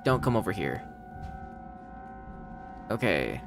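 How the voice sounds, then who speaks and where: A man with a bright, sharp voice commentates a horror game at an unhurried pace. He talks to the characters on screen and yelps and swears whenever something startles him. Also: on the low side, very animated, creaky, soft background music. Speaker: let's play gamer.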